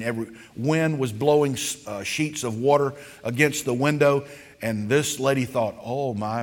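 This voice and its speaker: A man preaching a sermon, telling a story in a folksy way with drawn-out dramatic pauses. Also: medium pitch. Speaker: pastor. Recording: long reverb of a church hall.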